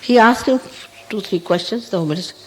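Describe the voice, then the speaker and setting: An older woman with an Indian English accent, a spiritual teacher telling a story in an animated way, chuckling and quoting others. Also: medium pitch, fairly quick, slight background noise, poor audio. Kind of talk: storytelling talk.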